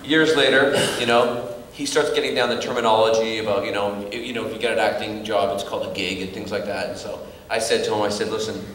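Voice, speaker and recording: A man's voice: lowish voice, fairly even intonation, quick pace, fairly bright tone, slight background noise. A man from Scotland, an actor telling chatty, rambling stories at a convention panel. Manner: chatty, rambling, many fillers. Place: large convention hall. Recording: echoey convention hall, distant mic.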